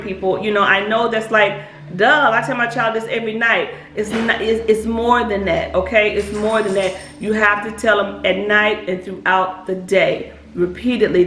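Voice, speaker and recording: An earnest woman talks to camera in a casual, rambling way, repeating her points and checking in with her listeners. Her voice is mid-pitched. She sounds like she is in an echoey room with a faint noise behind her. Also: fairly bright tone. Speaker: hypnotist and spiritual advisor. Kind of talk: casual advice talk to camera.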